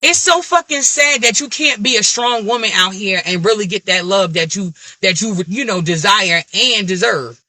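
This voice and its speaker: With an African American Vernacular English accent, a woman vlogger vents a blunt, profane, animated rant straight to camera. She talks at a normal speed in a mid-range voice with few pauses, and there's no room sound.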